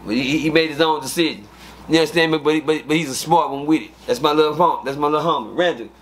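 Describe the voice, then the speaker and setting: A man from Midland, telling casual stories as an interview guest, animated and full of fillers. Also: a little high, fast, a little hiss or hum. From Midland, Texas. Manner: animated, repetitive fillers, acts out quotes. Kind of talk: casual storytelling.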